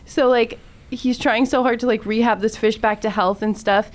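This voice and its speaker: Woman in her 30s, radio co-host, animated storyteller who keeps laughing, slightly high voice, close studio mic. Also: normal speed. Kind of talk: casual studio chat. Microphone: studio microphone.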